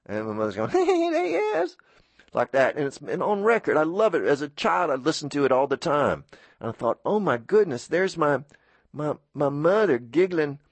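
A middle-aged man hosting a radio show, telling rambling stories and slipping into quick voices for the people he quotes. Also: a little high, expressive, no echo. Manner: storytelling, puts on quoted voices. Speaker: radio host. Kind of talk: rambling monologue.

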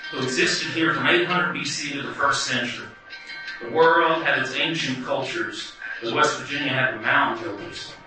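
A man performing a wry, animated first-person story live. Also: a little high. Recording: echoey hall from far off.

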